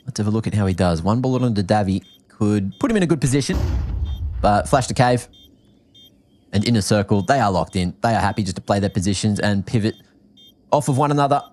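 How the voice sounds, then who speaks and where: A man from Australia with an Australian accent, calling a match as an energetic play-by-play esports caster. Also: lowish voice. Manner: energetic, quick reactions, laughs easily. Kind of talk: play-by-play commentary.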